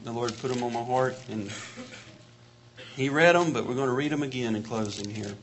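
A man preaching a sermon with passion, repeating his phrases and building to shouts. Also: medium pitch, a little fast, a little hiss or hum.

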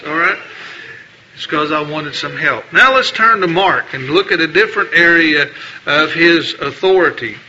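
High, bright preacher man. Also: slight background noise. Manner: emphatic, repeats phrases, reads scripture aloud. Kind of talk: sermon. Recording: dull lo-fi recording.

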